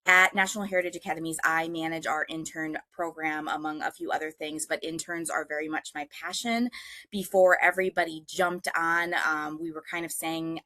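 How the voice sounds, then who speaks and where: Lively woman telling a workplace story. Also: on the low side, no room sound. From Michigan. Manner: animated storytelling, self-deprecating, many ums. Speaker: guest speaker on internships. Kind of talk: webinar presentation.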